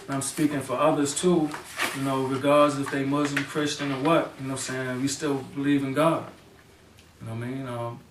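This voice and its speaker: A man, a local party chairman, giving an impassioned spoken statement in a fervent, repetitive way, often adding "you know what I'm saying.". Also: medium pitch. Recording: roomy echo, mic at a distance.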